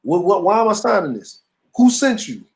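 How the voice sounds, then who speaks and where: A middle-aged man co-hosting a casual chat show, telling stories in an animated, teasing way. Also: high-pitched, moderate pace, gravelly, low-quality recording. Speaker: podcast co-host.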